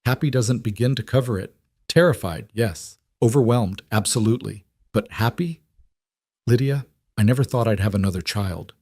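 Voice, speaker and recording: Man playing a tired devoted ex-lawman, solemn and steady, lowish voice, dry close sound. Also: moderate pace, dry recording. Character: weary, devoted former lawman and husband.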